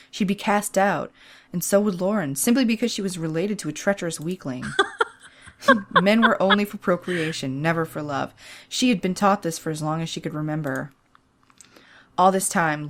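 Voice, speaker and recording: A woman with a low voice hosts a let's play, reading the story text aloud. Her narration is chatty and breaks into giggles between passages. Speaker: host.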